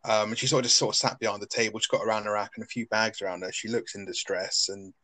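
A man's voice: fairly low pitch, fairly even intonation, fast talker, bright, forceful tone, no echo. Man, casual rambling podcast chat. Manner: rambling, filler-heavy, laughs often. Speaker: podcast co-host. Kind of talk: casual chat recapping a sitcom episode.

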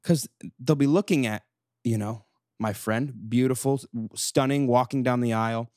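A young man in his twenties hosting a solo podcast, chatty and self-mocking, running off on animated tangents into a studio microphone. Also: mid-range voice, moderate pace, no echo. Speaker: podcast co-host.

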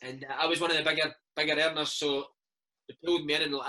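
A Scottish former footballer in his thirties tells stories in a casual interview, constantly saying "mate" and "eh." His voice is fairly high, bright and forceful, yet flat in delivery and fast. The audio quality is poor.

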